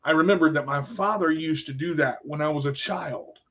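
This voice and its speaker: A middle-aged man with a fairly high voice tells a personal story as a radio host. He is emotional and repeats himself, stopping and restarting his sentences. The recording sounds dull and lo-fi. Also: a little fast, fairly bright tone. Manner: emotional, repetitive, restarts often.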